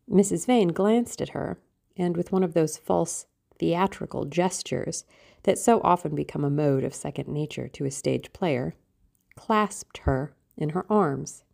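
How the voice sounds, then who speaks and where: Gravelly-voiced woman reading an audiobook. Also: low voice, dark tone. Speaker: audiobook narrator. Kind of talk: scripted narration.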